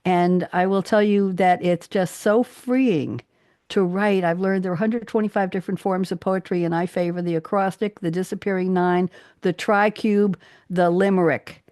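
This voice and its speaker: Radio host lady, chatty and lively, lowish voice, dry close studio mic. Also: moderate pace, no echo. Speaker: radio talk show host. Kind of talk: casual radio chat. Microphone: studio microphone.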